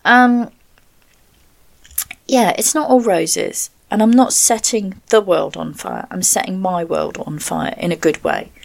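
A woman's voice: mid-range voice, unhurried, creaky. Chatty rambling woman DJ. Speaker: online radio DJ. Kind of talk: casual radio DJ chat.

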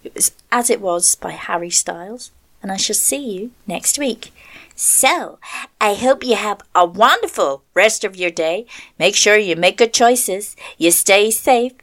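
A woman's voice: medium pitch, unhurried, a bit bright. Chatty rambling woman DJ. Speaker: online radio DJ. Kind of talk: casual radio DJ chat.

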